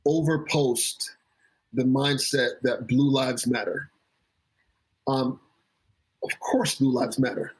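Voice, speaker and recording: A man's voice: mid-range voice, breathy edge, poor audio. A man, a children's pastor, speaking as an interview guest with impassioned, earnest conviction and repeating words as he builds his points. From South Florida.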